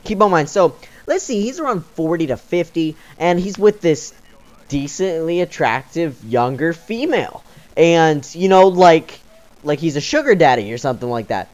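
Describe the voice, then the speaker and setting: A man's voice: a little high, expressive, moderate pace, a little mellow, muffled recording. A young man telling a story in a casual vlog, rambling with many fillers and sounding exasperated. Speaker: YouTuber.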